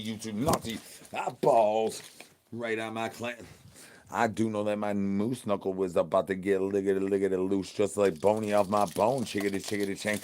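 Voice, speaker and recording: A man streaming, talking in crude rambling nonsense with slangy asks to chat and sing-song chanted catchphrases. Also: on the low side. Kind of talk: rambling comic livestream talk.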